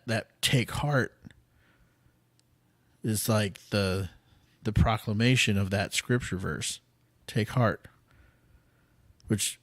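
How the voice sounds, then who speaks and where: A podcast host with a lowish voice, recorded without echo, gives an earnest devotional talk. He starts slow and conversational, full of fillers and restarts, then builds to impassioned pleading.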